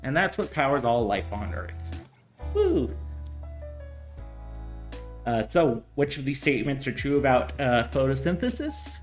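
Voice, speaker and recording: Teaching chemistry on a laid-back stream, a man thinks aloud, tripping over fillers and wandering into chatty side remarks. His medium-pitched voice is very animated at a moderate pace, echoing in a roomy space over faint, soft guitar music.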